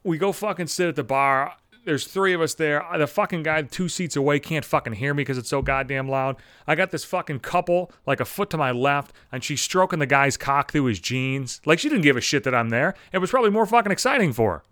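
A man with a fairly high voice rambles through a comic story on his podcast, swearing constantly and getting animated. The sound is dry and close to the mic. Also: a little fast, few pauses, dry recording. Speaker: podcast host. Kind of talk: comedic storytelling monologue.

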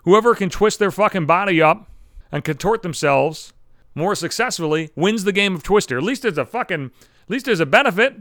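A man's voice: high-pitched, expressive, brisk, a bit bright, no echo, studio quality. A man hosting a podcast, delivering a sarcastic, heavily profane comedic rant. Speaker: podcast host.

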